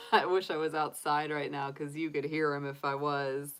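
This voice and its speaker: A woman's voice: deep voice, flat delivery, a little slow, a bit bright, clean tone. A middle-aged woman, giving a chatty, rambling tarot reading with lots of fillers. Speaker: tarot reader. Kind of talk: casual livestream tarot reading.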